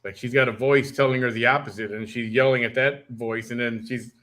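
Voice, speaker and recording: Male co-host, mid-pitched, sarcastic and dry, casual commentary. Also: steady tone, a little fast, fairly bright tone. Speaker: co-host reacting to a clip.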